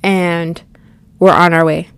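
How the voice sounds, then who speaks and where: A woman from the United States telling a personal story in a chatty, animated way, speaking straight to her listeners and acting out the people in it. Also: lowish voice, slow pace, clean tone, no echo.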